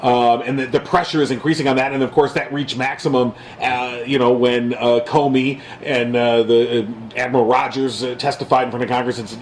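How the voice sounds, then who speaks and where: A man's voice: mid-range voice, brisk, few pauses, slight background noise, poor audio. A man co-hosting a podcast, talking politics in a casual, sarcastic way and mocking people in a raised voice. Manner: animated, mocking quotes in a raised voice. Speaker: podcast co-host.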